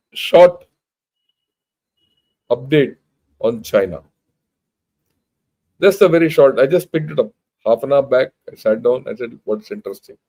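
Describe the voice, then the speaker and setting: A man's voice: mid-range voice, darkish tone. An older man with an Indian accent, a retired general and channel host, giving a blunt, emphatic informal talk and reading out news. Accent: Indian English. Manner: emphatic, blunt, conversational with many restarts.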